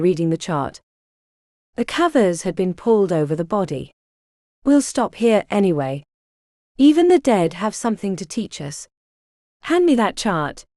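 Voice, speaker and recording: Woman audiobook narrator, fantasy novel, mellow tone, lively pitch, dry close sound. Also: no echo.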